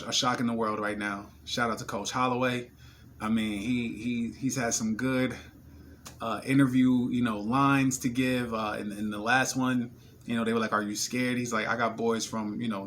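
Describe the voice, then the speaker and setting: Young man from New Jersey, casual video diarist, mid-pitched, slangy and excitable, voice a bit worn, faint hiss behind. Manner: excitable, slangy, repeats words when worked up. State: voice strained from screaming. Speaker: vlogger. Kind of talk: casual video diary talk.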